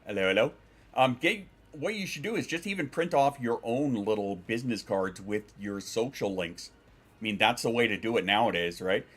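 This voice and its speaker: A man's voice: lowish voice, expressive, moderate pace, fairly bright tone, husky. A man streaming from home, chatting casually and rambling, swearing and reading out chat messages.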